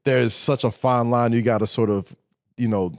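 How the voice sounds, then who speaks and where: A relaxed male host in casual interview chat. He throws out loose, easygoing questions and backs his guest with short laughs and yeahs. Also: mid-range voice, moderate pace. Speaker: podcast host.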